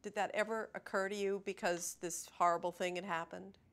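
A woman's voice: medium pitch, fairly even intonation, brisk, a bit bright. A woman interviewing a guest, asking a follow-up question.

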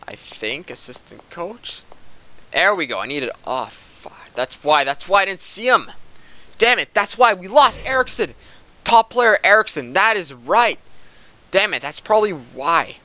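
A young man with a bright, forceful voice talks his way through a hockey video game. His commentary is casual and excitable, and he calls out to the players on screen as if they could hear him. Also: medium pitch. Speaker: gaming commentator.

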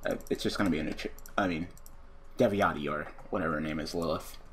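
A man's voice: deep voice, fast, a bit bright, slight background noise. A young man casually commenting on his own card game duel, profane and rambling, breaking into angry rants and restarting his sentences. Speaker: gaming YouTuber.

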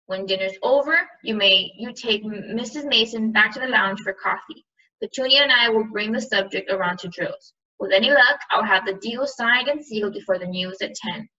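A woman's voice: mid-range voice, moderate pace, pushed and bright, far from the mic, dull audio, natural voice. A woman reading as a bossy, nasty uncle. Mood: gruff. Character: blustering bossy middle-aged uncle.

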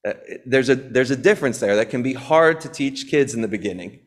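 A man's voice: medium pitch, expressive, fairly quick. A man preaching a sermon as pastor, earnest, repeating key phrases, with frequent fillers. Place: church.

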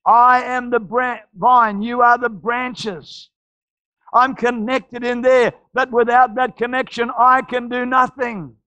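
A man preaching a sermon as pastor, telling stories with frequent restarts and shouted climaxes. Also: very high voice, flat delivery, slow pace, no echo. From Australia.

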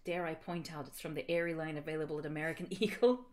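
A woman reading fan fiction aloud for laughs, mostly deadpan narration with sudden squealing shouted quotes. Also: low-pitched, quick pace. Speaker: co-reader.

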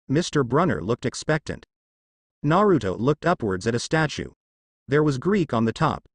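A man's voice: medium pitch, sing-song, moderate pace, breathy edge, no room sound. A man narrating a fan story in a storybook reading style.

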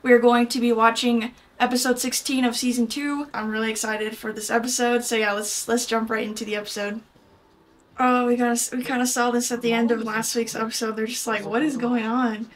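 Excitable high-voiced young woman reacting. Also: brisk, a little hiss or hum. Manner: excitable, slangy, gushing. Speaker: anime reaction YouTuber. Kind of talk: casual reaction commentary.

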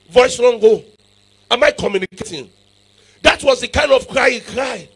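Shouting gravelly preacher, high voice. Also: male voice, sing-song, unhurried. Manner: shouting, call-and-response preaching with sudden loud bursts. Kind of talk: revival sermon.

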